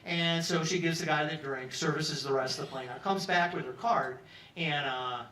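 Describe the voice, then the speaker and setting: A man's voice: fairly high pitch, normal speed, pushed and bright, slight background noise. A man telling a long comic story to a pub crowd, rambling and conversational, acting out what people said. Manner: rambling, conversational, acts out quotes. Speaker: storyteller at an open mic. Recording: roomy live pub sound from a distance.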